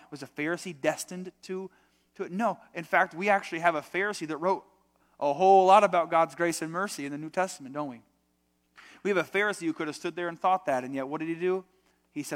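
In a church sanctuary with a long hall reverb, a young adult pastor preaches to his congregation in a fairly high, slightly bright voice at a fairly quick pace. He's conversational and emphatic, piling up rhetorical questions.

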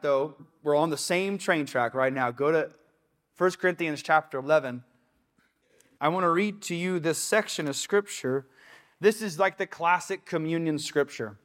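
A man's voice: on the high side, fairly bright tone. A young adult man preaching a casual, conversational sermon in a church, breaking into quoted asides. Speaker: pastor. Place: church sanctuary.

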